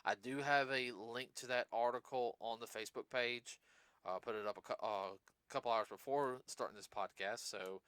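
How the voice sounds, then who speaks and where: A man's voice: medium pitch, moderate pace, sharp tone, clear, resonant tone, no room sound. A man hosting a casual podcast, rambling through his points with plenty of fillers and restarts. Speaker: podcast host.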